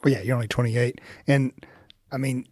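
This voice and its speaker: A relaxed man in his fifties hosts a casual interview, tossing in jokes and quick interjections. His voice sits at a middle pitch, recorded dry and close. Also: no echo. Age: 50s. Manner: relaxed, joking, short interjections. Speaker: interview host.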